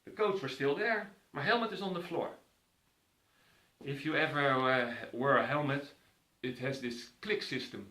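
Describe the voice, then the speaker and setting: A man's voice: mid-range voice, normal speed, bright, forceful tone. A man vividly telling a personal story to an audience, acting out the voices of others. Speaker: speaker. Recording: roomy echo.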